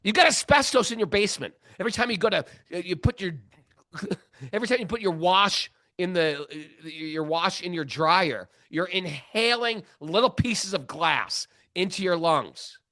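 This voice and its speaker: A middle-aged man hosting a spiritual podcast, telling a story in a lively casual way, acting out the other people's lines and laughing often. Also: high-pitched, moderate pace, no room sound, clean studio sound. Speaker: podcast host.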